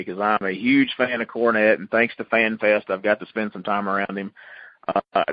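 A man's voice: on the low side, no room sound, lo-fi sound. A man hosting a casual radio talk show, folksy and emphatic, stretching his fillers.

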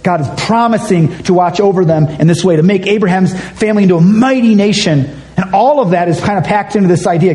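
A man's voice: high voice, darkish tone, rough recording. A man preaching a conversational, emphatic sermon as a pastor, reading scripture aloud and acting out quotes.

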